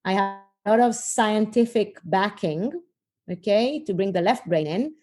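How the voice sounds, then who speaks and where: A middle-aged woman speaks as a podcast guest, reflective and earnest as she works through her own story. Her voice sits at an ordinary middle pitch and often pauses on small fillers while she gathers her thoughts. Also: a little mellow, soft background music. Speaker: podcast guest, leadership coach. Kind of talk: conversational interview storytelling.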